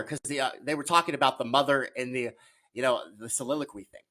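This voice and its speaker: A man's voice: mid-range voice, fairly quick, fairly bright tone. A man appearing as a guest on a podcast, teasing the host and arguing political points in casual chat. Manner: teasing, argumentative.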